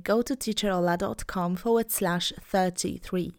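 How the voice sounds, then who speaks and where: A young woman, native in Polish, hosts an English pronunciation podcast. She sounds upbeat and encouraging. She models each sound slowly and carefully and breaks words into parts. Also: lowish voice, fairly even intonation, music in the background. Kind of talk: podcast lesson.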